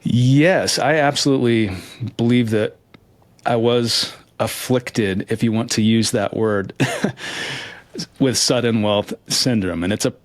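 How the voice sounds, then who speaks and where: A man's voice: medium pitch, takes it slowly, dry recording. A man giving candid, reflective interview answers, earnest and hesitant with frequent restarts. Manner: earnest, hesitant, with many restarts and soft laughs. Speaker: interview guest, lottery winner.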